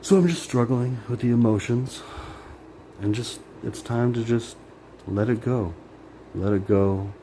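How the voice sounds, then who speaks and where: In a rambling personal monologue, a male vlogger sounds bitter and emotional, cursing and filling his speech with "like." He talks unhurriedly in a mellow, mid-range voice, pausing often. Slight background noise is present.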